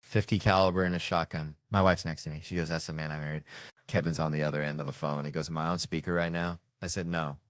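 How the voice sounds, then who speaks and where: A man's voice: deep voice, fairly even intonation, quick pace, no room sound. A man telling a stand-up story in a rowdy, profane manner, imitating the people in it. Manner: rowdy, profane anecdotes with mimicked voices. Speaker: stand-up comedian.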